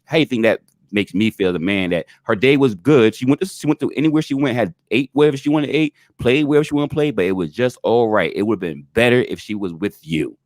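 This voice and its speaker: A man's voice: mid-range voice, quick pace, hardly any pauses, a little mellow, no room sound, clean studio sound. A man co-hosting a casual talk show, speaking frankly with swearing and frequent "you know what I mean" asides. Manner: frank, profane, repeats himself in emphatic asides. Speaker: co-host. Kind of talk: casual chat.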